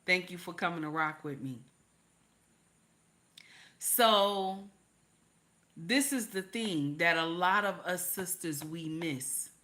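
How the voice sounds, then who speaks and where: Speaking slowly and leaving long pauses, an older woman hosts a live stream full of casual relationship tips for her audience. She stays animated, circles back to her points, and sinks into a hushed, confiding voice to stress them.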